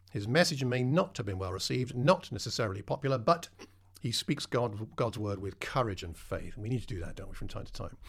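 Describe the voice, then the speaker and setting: A man preaching with a gravelly, slightly creaky voice at an ordinary middle pitch. He talks in a conversational way and keeps turning to his listeners with questions. It comes across as a sermon delivered plainly rather than from a script.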